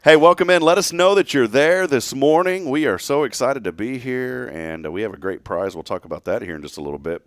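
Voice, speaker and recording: A man's voice: lowish voice, clean tone, no room sound, studio quality. A man hosting a local morning talk show, rambling casually and joking with his co-host. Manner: rambling, jokey, playful.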